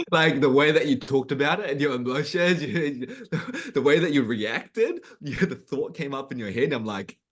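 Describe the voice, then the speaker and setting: A man's voice: mid-range voice, normal speed. A man, a podcast guest, reacting with sympathy and laughter in casual chat.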